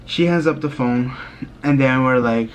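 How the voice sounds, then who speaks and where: Hushed, rambling young man telling a story. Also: medium pitch, unhurried, lo-fi sound, a little hiss or hum. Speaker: vlogger. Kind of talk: casual storytime.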